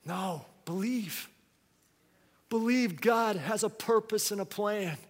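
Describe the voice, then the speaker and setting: A high-pitched man preaches in a long-echoing hall. He drops to hushed phrases and then climbs to loud, pressing ones. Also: unhurried. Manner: preaching with swings between quiet and loud. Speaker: pastor. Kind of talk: sermon.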